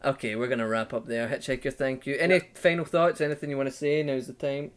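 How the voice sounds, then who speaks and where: A man's voice: mid-range voice, steady tone, fast talker. A man with a Scottish accent hosting a casual podcast, joking, teasing his guest and swearing freely. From Scotland. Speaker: podcast host.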